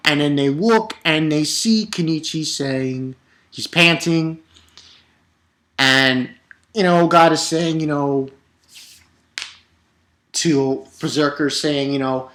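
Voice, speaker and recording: A man talking through a comic chapter in an unhurried, drawn-out way, his voice bright and forceful. He rambles, circles back on himself, and swears freely. Every so often he breaks into loud, gleeful outbursts. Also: on the high side. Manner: rambling with restarts. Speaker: manga reviewer. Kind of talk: casual chapter review.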